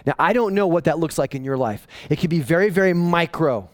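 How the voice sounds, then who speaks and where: A pastor preaching with a high, bright-toned male voice. He talks in an animated way and often restarts or repeats phrases. The sound is dry and close, with no room echo. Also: a little fast. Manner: animated, acting out voices of people in the story. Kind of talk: sermon.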